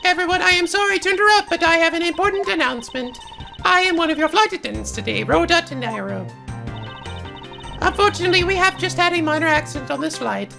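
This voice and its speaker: A man's voice: extremely high pitch, lively intonation, fast, gravelly, sharp tone, soft background music, full character voice. A man voicing a prim young female flight attendant who makes formal, stiffly polite announcements. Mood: announcing.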